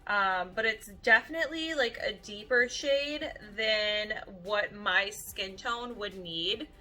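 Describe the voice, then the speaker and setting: Bright-voiced young woman telling stories. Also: mid-range voice, slow, faint music behind. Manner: animated, chatty, heavy use of "like". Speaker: beauty vlogger. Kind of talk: casual storytelling chat to camera.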